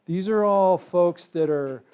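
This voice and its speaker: A middle-aged man, a wildlife researcher, giving a public talk to a live audience, telling a personal story in a casual, animated way with lots of ums and likes. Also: high-pitched, slow pace, slight background noise. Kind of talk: public lecture with personal anecdote. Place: lecture room with a live audience.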